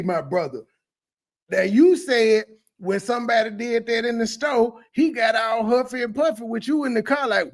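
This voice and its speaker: A man hosting a reaction video, talking crudely and mocking between clips. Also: high-pitched. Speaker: commentary YouTuber. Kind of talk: profane reaction commentary.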